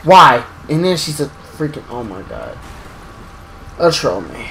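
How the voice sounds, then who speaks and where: A young man giving excitable live commentary while playing a game, exclaiming and talking to himself. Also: mid-range voice, a little slow, gravelly, a little hiss or hum, low-quality recording. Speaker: gaming streamer.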